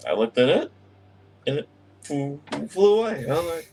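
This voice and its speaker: A man's voice: on the high side, sing-song, moderate pace, darkish tone, soft background music. A man co-hosting a podcast in casual chat, teasing his co-host and laughing often.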